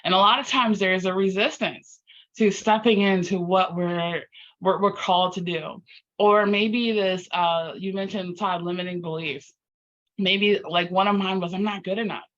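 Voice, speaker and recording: A woman guest on an interview podcast, talking earnestly in an animated, storytelling way and acting out her own inner dialogue. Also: medium pitch, moderate pace. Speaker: podcast guest, life coach. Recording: slightly muffled lo-fi audio.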